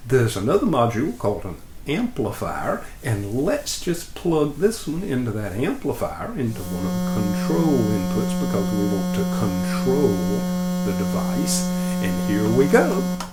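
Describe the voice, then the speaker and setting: Patient man teaching with lively pitch swings. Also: unhurried, echoey room, heavy background noise. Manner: patient, plain explanations with lively ups and downs. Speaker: instructor. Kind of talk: demonstration lesson.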